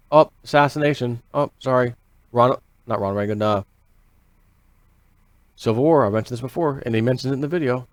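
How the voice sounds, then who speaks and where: A man giving a casual, animated monologue on finance, repeating phrases for emphasis and asking rhetorical questions. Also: fairly low pitch, brisk, long pauses, no room sound. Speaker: financial commentary vlogger.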